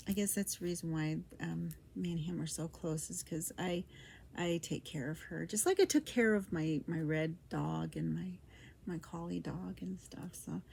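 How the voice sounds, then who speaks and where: A middle-aged woman telling her own story in a low voice with a gravelly, creaky edge. She rambles and restarts, trailing off into soft, whispered asides as she reminisces. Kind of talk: personal storytime monologue.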